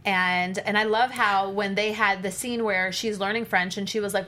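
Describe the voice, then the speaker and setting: A woman's voice: mid-range voice, fairly even intonation, moderate pace, pushed and bright. A woman co-hosting a casual TV recap chat, thoughtful and analytical, restarting her sentences as she works out her points. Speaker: podcast co-host.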